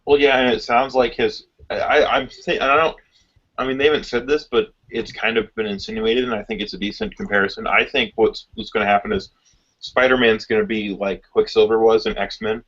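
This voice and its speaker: A man in a casual fan discussion, talking quickly and filling his speech with "like". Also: fairly low pitch, fairly even intonation, a bit bright. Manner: rapid, lots of "like" fillers. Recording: dull lo-fi audio.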